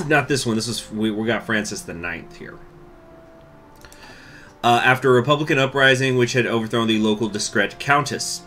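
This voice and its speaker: A man giving casual let's-play commentary on a strategy game, thinking aloud, with hiccups, coughs and throat clearing. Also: medium pitch, fairly bright tone, a little hiss or hum. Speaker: gaming YouTuber.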